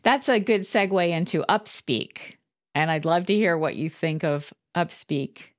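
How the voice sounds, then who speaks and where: Low-voiced woman host, dry close sound. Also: unhurried, dry recording. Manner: curious and affirming, asks open questions. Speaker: podcast host. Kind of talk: conversational interview.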